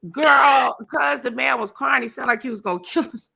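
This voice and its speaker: A woman hosting a casual gossip chat, with a bright, ringing voice pitched a bit high. She tells her story loudly and dramatically, acting out what people said. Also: fairly even intonation, normal speed, gravelly, breathy edge. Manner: loud, dramatic storytelling with laughs and acted-out quotes. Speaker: host. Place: Las Vegas area, at home.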